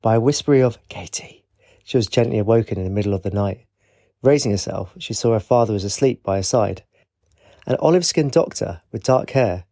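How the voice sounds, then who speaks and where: A man reading a fantasy audiobook as narrator, in a measured, even reading. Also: medium pitch. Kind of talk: scripted narration.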